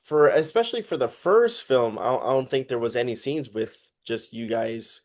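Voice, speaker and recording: Male interviewer, mid-pitched, eager and effusive with praise. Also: lively intonation, normal speed. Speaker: interview host. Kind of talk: casual interview.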